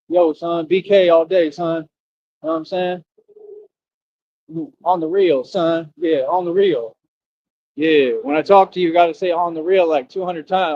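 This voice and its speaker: A braggy Brooklyn tough with a Brooklyn accent, low and mumbly, ending every phrase with "son", as a man puts him on. The audio is slightly muffled. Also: close to an everyday voice.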